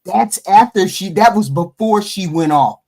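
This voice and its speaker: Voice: mid-range voice, measured pace, vocal fry, a little mellow. Speaker pressing with repeated questions. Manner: challenging, asks pointed questions again and again. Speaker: podcast co-host. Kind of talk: heated debate.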